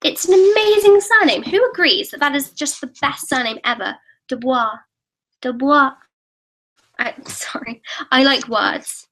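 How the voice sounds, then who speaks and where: A teenage girl chats through a live stream from her computer webcam. Her voice sits high and sounds bright and crisp. She reads out viewer questions and answers them in a giggly, self-deprecating way, tripping into quick restarts. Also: lively intonation, low-quality recording. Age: teens. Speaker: YouTuber hosting a live Q&A. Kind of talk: casual live-stream chat, reading viewer comments aloud.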